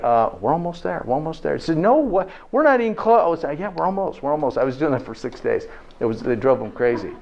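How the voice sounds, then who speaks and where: A man of average pitch gives a health lecture to a live audience, chatty and folksy. He keeps asking the room questions and tags his points with a quick "okay?". The recording sounds dull and lo-fi. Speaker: health presenter.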